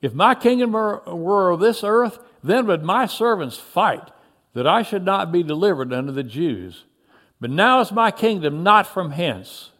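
A man doing a calm, dignified prisoner. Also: exaggerated voice. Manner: quiet, measured, lower and softer than the narration. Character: calm, dignified male prisoner, a gentle teacher.

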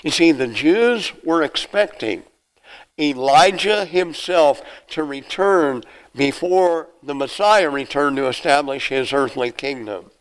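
A man preaching a sermon with a somewhat high voice. He reads scripture aloud and then explains it verse by verse. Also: expressive, slow pace, smooth, rough recording. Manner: acts out the questioners' lines in a raised voice. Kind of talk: expository sermon.

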